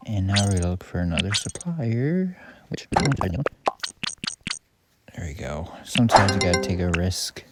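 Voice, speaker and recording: A man giving casual, rambling commentary on his own game, correcting himself as he goes. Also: low-pitched. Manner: rambling, self-correcting, offhand. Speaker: gaming YouTuber. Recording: loud background noise.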